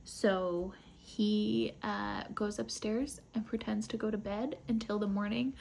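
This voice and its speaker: A woman's voice: medium pitch, fairly even intonation, unhurried, vocal fry, darkish tone, a little hiss or hum. A woman casually recapping a novel for her book club, chatty and rambling with asides.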